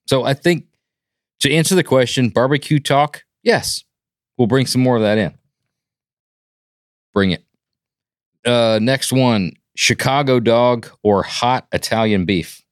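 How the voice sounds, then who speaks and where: A man's voice: medium pitch, a little slow, long pauses, no room sound, studio quality. A man from the American South chatting casually and jokingly as a podcast host. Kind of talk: casual chat.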